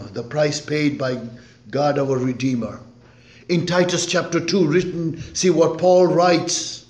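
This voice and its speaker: A male pastor preaching a sermon slowly and emphatically, swinging between loud declarations and hushed, soft phrases. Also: a little high. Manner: slow, emphatic preaching with dramatic swings in loudness. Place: church sanctuary. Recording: echoey church room.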